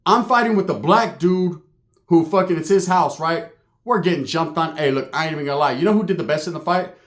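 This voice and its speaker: A man from Northern California telling a profane, comedic street story in a slangy, animated way, with acted-out sound effects. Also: on the high side, brisk.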